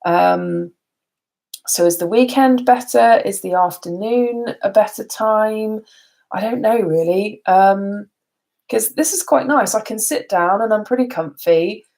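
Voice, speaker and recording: A woman's voice: mid-range voice, a little slow, vocal fry, darkish tone. A tired woman chatting casually on a live stream, rambling and laughing often. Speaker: beauty vlogger.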